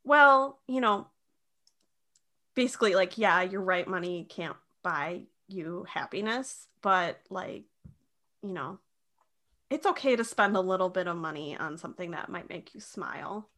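A woman's voice: fairly low pitch, lively intonation, measured pace, bright, forceful tone. A woman playing a gushing pampered young woman.

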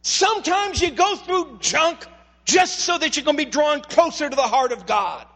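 A man's voice: extremely high pitch, lively intonation, normal speed, sharp tone. A lead pastor preaching an impassioned sermon in a church, earnestly repeating words as he builds and appealing straight to his listeners. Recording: long reverb of a large hall.

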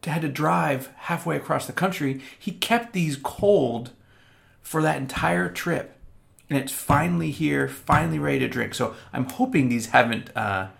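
A man co-hosting a casual beer-tasting podcast, talking in an animated way with quick restarts. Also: on the high side, gravelly. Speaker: podcast co-host. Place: Austin.

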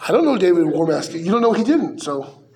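A man's voice: high voice, sing-song, quick pace, noisy background. A man, likely a pastor, preaching a verse-by-verse sermon in a conversational way, with rhetorical questions and dry asides.

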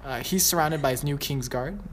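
A man's voice: medium pitch, fairly quick. Man, casual podcast chat, reads aloud, picky rants, faint background hiss. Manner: animated, picky ranting, swears freely. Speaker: co-host reading a trailer breakdown.

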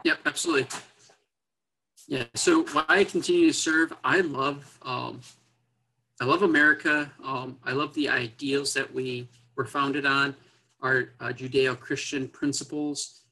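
A man's voice: medium pitch, steady tone, unhurried, bright, forceful tone, breathy edge, low-quality recording. Earnest man telling a personal story. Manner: earnest, with many fillers and quoted dialogue. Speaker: military officer guest. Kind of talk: personal storytelling in a podcast conversation.

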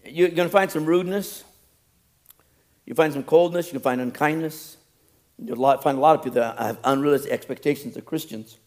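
A man's voice: on the high side, a little fast, a little mellow. A man preaching a sermon as a pastor, telling stories with laughter and acting out other people's voices.

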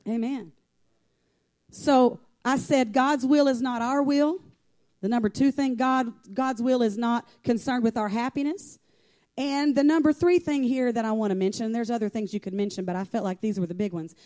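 Woman preacher giving a sermon, kinda high warm voice, chatty folksy delivery. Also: normal speed. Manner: folksy, conversational preaching with calls for amen.

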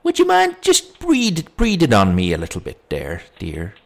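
A man's voice: mid-range voice, huge pitch swings, moderate pace, creaky, voice pushed up. Man putting on a pompous stammering police sergeant. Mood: condescending. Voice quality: wandering British accent, sliding toward Scottish and Cockney. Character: suspicious middle-aged British police desk sergeant.

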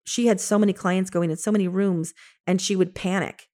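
A woman in her fifties, an interior designer and coach, telling stories from her career in an animated way, laughing often and acting out what she said to others. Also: on the low side, fairly quick. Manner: animated, laughs often, quotes herself in lively asides. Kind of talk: casual storytelling.

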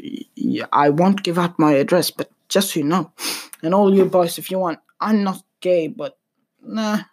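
A young man rambling casually at his computer, hesitant, with dry deadpan humor. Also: high-pitched. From Sweden. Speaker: vlogger. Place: at a computer desk. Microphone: computer mic.

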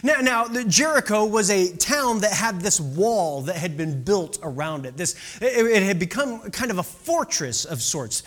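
Brief: conversational preacher, lively delivery, bright tone. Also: mid-range voice, normal speed, hardly any pauses. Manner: chatty, rambling, with many restarts and asides. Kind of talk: casual sermon.

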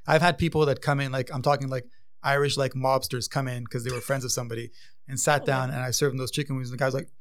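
A man talks fast and with energy in a relaxed podcast chat. His voice sits in the middle range. He tells his stories in an animated way. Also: mid-range voice. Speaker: vegan restaurant owner.

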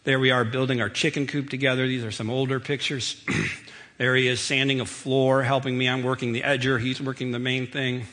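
Middle-aged male preacher, bright tone, storytelling sermon with hall reverb. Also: medium pitch, level tone, brisk. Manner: conversational, storytelling, emphatic. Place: church sanctuary. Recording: long reverb of a church hall.

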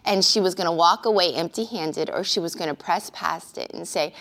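A woman pastor giving an earnest, conversational sermon-style teaching with occasional filler pauses. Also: fairly low pitch, a bit bright.

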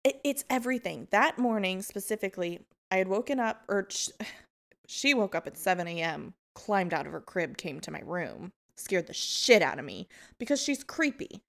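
A woman's voice: medium pitch, animated, moderate pace, gravelly, a bit bright. Candid young woman venting, laughing often. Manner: candid, swears, laughs while telling stories. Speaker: podcast host. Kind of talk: casual chat.

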